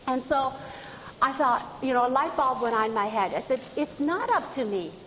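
A woman training church members, telling stories with lively earnest enthusiasm. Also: high-pitched, moderate pace, big-room sound, slight background noise, rough recording. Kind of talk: storytelling talk to an audience.

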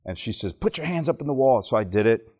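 A man's voice: mid-range voice, animated, fast talker, warm tone, breathy edge. Joking man teaching a church crowd. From Alabama, southern United States. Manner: joking storyteller who quizzes the audience. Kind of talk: teaching talk to a live audience.

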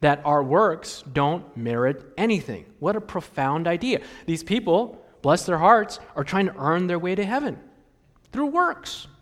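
A man's voice: a little high, lively intonation, moderate pace, few pauses, a bit bright, long reverb tail. A male pastor preaching a sermon in a conversational way, often putting questions to the congregation. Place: church sanctuary.

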